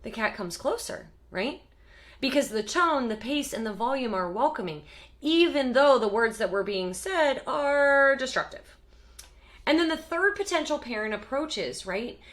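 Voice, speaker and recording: A woman explaining parenting communication in a lively, emphatic teaching talk, acting out short example voices. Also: fairly high pitch. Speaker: parenting educator.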